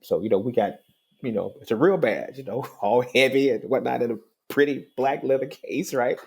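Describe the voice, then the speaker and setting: A middle-aged man, a judge, telling a story in an interview in a calm, wry, conversational way. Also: mid-range voice, moderate pace, creaky.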